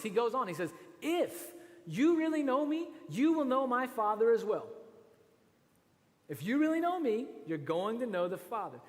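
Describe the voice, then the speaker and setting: A man's voice: high voice, big-room sound. A man preaching a sermon as pastor, talking in a conversational way with rhetorical asides. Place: church.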